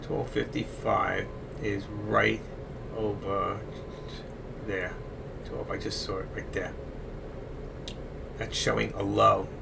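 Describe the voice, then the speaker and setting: Gravelly man chatting on a trading stream. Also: lowish voice, lively intonation, slow, pauses often, background noise. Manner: rambling, candid, confiding to viewers. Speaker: trading livestream host. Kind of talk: casual live-stream chat over stock charts.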